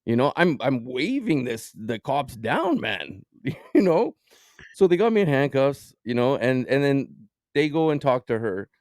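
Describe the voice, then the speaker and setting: A man co-hosting a podcast, telling a personal story in casual chat, animated and swearing as he acts out what people said. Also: medium pitch, a little slow, no room sound, clean studio sound. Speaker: podcast co-host.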